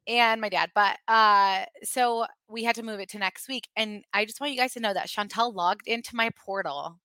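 A woman in her thirties hosting a podcast, chatty and excitable, laughing often. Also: mid-range voice, normal speed, dry recording. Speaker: podcast host. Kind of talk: casual chat.

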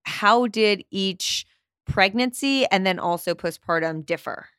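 A woman's voice: medium pitch, unhurried, fairly bright tone, clean tone, no echo, clean studio sound. A woman hosting a podcast interview, talking in a loose, frank and chatty way. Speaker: podcast host. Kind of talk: casual interview chat.

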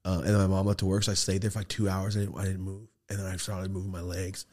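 A man's voice: low voice, completely flat delivery, fast, a little mellow. A man in his thirties hosting a podcast, telling a casual, profane story and acting out the quoted voices. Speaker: podcast host. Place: podcast studio.

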